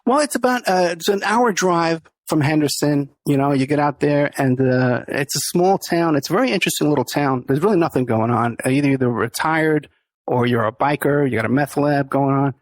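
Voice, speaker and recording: A man's voice: fairly high pitch, a little fast, no room sound. A middle-aged man, the podcast host, telling a story in a casual interview, laughing often and acting out the people he quotes.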